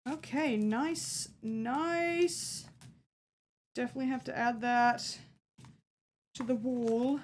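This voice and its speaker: A woman's voice: fairly high pitch, slow, pauses often, slight background noise. A woman streaming herself opening a fan's care package, chatting casually and gushing with delight over each item. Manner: bubbly, gushing, easily delighted. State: hiccups. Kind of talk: casual unboxing chat.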